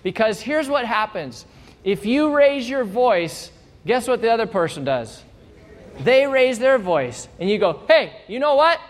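A man preaching a sermon as a pastor, lively and playful, acting out little exchanges to make his points. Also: sits high, measured pace. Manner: animated, playful, acts out little quoted exchanges. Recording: hall reverb.

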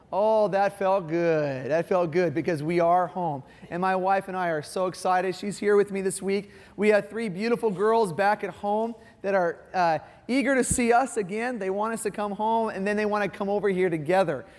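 A man in his forties preaching a folksy, playful sermon to a church congregation, joking about family life. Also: high voice. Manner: folksy and playful, acts out his daughters' voices. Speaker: guest pastor. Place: church sanctuary. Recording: long hall reverb.

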